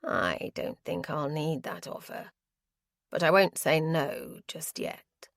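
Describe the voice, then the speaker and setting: A menacing, desperate villain, put on by a woman narrator, speaks in a low, threatening voice. The reading sounds close and dry. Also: big pitch swings, slow, vocal fry, dry recording, heavily acted. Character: desperate, menacing male criminal.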